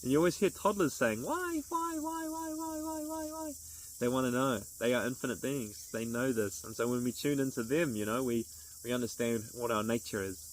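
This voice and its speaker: A man's voice: medium pitch, fairly quick, slight background noise, low-quality recording. A man talking to camera as a vlogger in an earnest, rambling, upbeat way, with restarts. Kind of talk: casual motivational monologue to camera.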